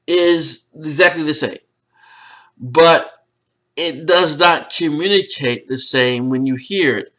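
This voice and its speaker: Man, college lecturer, slightly high pitch, explanatory, frequent fillers. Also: pushed and bright, poor audio. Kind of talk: recorded lecture over slides.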